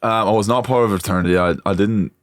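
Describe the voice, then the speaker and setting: A man's voice: lowish voice, fast talker, no room sound, clean studio sound. A young man from the United States with a mixed American and Australian accent, telling stories loosely in casual chat full of fillers. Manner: laid-back storyteller, lots of fillers. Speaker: podcast host.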